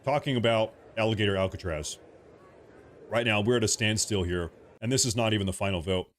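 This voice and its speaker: A man's voice: on the low side, brisk, slight background noise. A man hosting a political livestream from home, talking casually, joking and repeating himself as he rambles. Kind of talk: casual live commentary.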